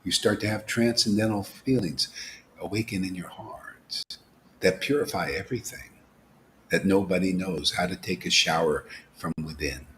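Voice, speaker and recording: Preaching an informal devotional sermon, this spiritual teacher speaks at normal speed in a voice that sits low. He's animated, posing rhetorical questions, dropping to whispers and rising to loud exclamations, and laughing now and then at his own jokes. A little hiss or hum runs under the audio.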